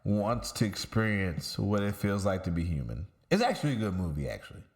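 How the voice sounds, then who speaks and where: A man with a fairly low voice hosts a casual podcast among friends. He tells stories in a loose, rambling way, swears freely and restarts his sentences as he goes. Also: big pitch swings, fairly quick. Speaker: podcast host. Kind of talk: casual chat.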